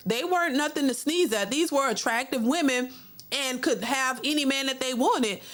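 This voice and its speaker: A woman's voice: high-pitched, a bit bright. A middle-aged woman hosting a livestream, reading viewer super chats and giving casual, talkative commentary that often repeats words. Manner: chatty, repeats words, mimics others in a mocking voice.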